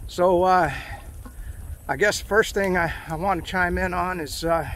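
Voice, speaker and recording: A man's voice: high voice, steady tone, a little slow, fairly bright tone, a little hiss or hum. A middle-aged man vlogging casually while walking outdoors in a park, hot and sweaty, talking emotionally in rambling bursts full of fillers. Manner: emotional, ranting, with frequent fillers.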